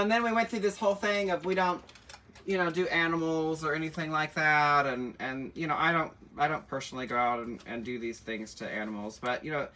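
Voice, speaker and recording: A man's voice: a little high, a little hiss or hum. A middle-aged man hosting a live luxury bag sale, chatting and teasing viewers in a campy, sassy way, in an indoor shop room. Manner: campy, animated and sassy, full of asides and teasing. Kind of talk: chatty live-stream selling, reading viewer comments. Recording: voice picked up from a distance.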